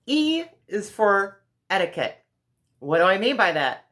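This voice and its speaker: A woman's voice: medium pitch, big pitch swings, unhurried, fairly bright tone. Earnest woman giving frank advice. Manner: earnest, instructive, direct. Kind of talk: casual advice monologue.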